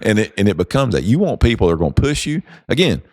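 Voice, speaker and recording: A man with a very deep voice hosts a motivational podcast, pressing his points home with emphatic, preacher-like delivery. The sound is dry and close, with no room around it. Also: sing-song, fast, no room sound. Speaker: podcast host.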